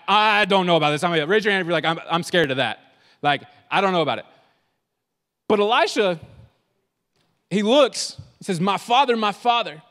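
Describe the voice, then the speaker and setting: A man preaching a lively youth sermon at a conference, acting out quick voices of the people in his stories. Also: a little high, in a large hall. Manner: animated, acts out voices of listeners and biblical figures. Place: large church hall.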